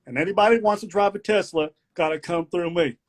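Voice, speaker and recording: A man with a voice that sits high and moves fast puts on a blustering Southern country man giving a speech. His delivery drawls and declaims.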